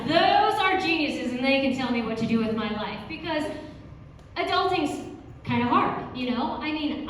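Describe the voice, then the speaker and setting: A woman doing a standup comedy set, chatty and peppering her lines with "you know". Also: sits high. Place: comedy stage. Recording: echoey room from a distant mic with faint noise.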